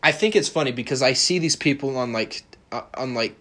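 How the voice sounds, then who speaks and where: Bright-voiced young man ranting heatedly. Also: mid-range voice, fairly quick. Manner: heated, profane, confrontational. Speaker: podcast host. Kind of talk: ranting monologue.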